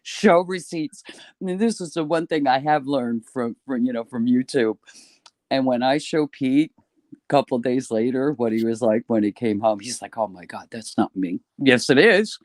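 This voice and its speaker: A man's voice: mid-range voice, moderate pace, no room sound. An older man from New York, a retired guest telling stories in a casual, chatty way and swearing now and then. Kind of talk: casual chat.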